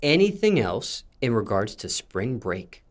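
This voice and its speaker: A man hosting an interview, asking his guest questions in a formal, measured way. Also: on the low side, big pitch swings.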